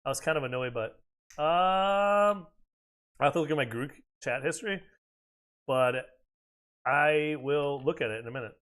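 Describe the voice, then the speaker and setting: A man's voice: a little high, moderate pace, pauses often, fairly bright tone. A man chatting casually and profanely while streaming a video game, rambling between reactions to play. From United States. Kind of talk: casual chat while gaming.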